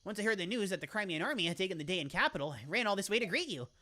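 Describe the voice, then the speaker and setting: A woman's voice: medium pitch, animated, very fast, pushed and bright. A woman voicing a playful young male beast-warrior in a game, talking in a breezy, teasing way.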